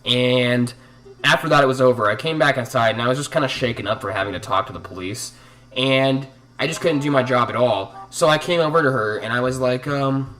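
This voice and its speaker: A man's voice: mid-range voice, a little fast, a bit bright, distant mic. A young man narrating a storytime vlog in a profane, exasperated, dramatic way. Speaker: vlogger telling a story.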